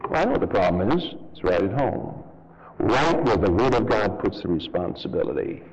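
A man preaching a fervent sermon as pastor, his voice leaping high for emphasis and then dropping low. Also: sing-song, brisk, in a large hall, highs cut off. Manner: fervent preaching with sharp rises and drops in pitch. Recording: loud background noise.

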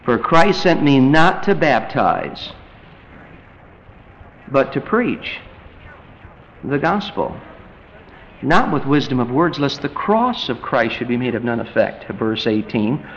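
A man preaching a sermon, animated and rising to emphatic peaks as he drives his points home. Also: mid-range voice, slow, pauses often, muffled recording, a little hiss or hum.

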